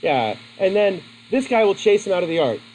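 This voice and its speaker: A man's voice: high-pitched, sing-song, a little fast, darkish tone, a little hiss or hum, low-quality recording. A man teaching a class in a classroom, chatty and asking his students questions. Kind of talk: classroom lesson.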